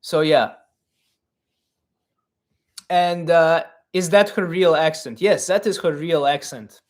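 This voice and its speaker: High-voiced man doing a rambling comic advice stream. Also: takes it slowly. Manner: deadpan comic persona in broken English; rambling, many fillers and restarts. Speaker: live stream host giving advice. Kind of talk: comedic advice live stream.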